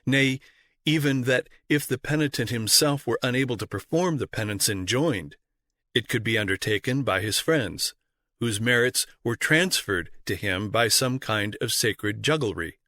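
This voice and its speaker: A man reading a history audiobook aloud in a measured, formal narration style. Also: mid-range voice, pushed and bright, dry recording. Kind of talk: scripted narration.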